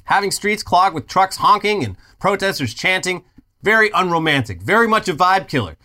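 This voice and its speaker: A man co-hosts a comedic news chat, his voice bright and slightly raised in pitch. His delivery swings with a lot of melody as he reads news out and cracks jokes about it. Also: sing-song, normal speed. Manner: reads news aloud with jokey asides. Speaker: co-host.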